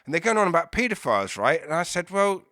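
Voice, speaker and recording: A man's voice: on the high side, very animated, fast talker, pushed and bright, no room sound, clean studio sound. A man telling a rambling story in casual podcast chat, full of swearing and laughter, playing out both sides of a conversation. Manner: swears a lot, laughs often, acts out both sides of chats. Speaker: podcast guest.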